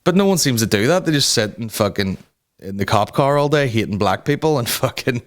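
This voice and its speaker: A man's voice: mid-range voice, expressive, a little fast. A man hosting a comedy podcast, ranting heatedly with lots of swearing and restarts. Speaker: podcast host.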